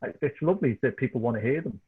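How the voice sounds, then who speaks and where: A middle-aged man from Liverpool with a Scouse accent, a podcast guest and author telling animated anecdotes in casual chat. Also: mid-range voice, fast talker, slightly rough. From Liverpool, England. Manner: animated anecdotes, repeats words when excited. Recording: tinny phone-like call line.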